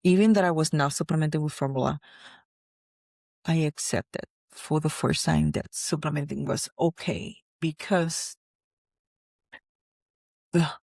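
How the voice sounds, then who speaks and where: A woman's voice: low voice, measured pace, creaky, long pauses, darkish tone, no room sound, studio quality. A woman, a mother, candidly retelling a personal struggle with many restarts. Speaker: vlogger, mother. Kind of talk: personal storytelling to camera.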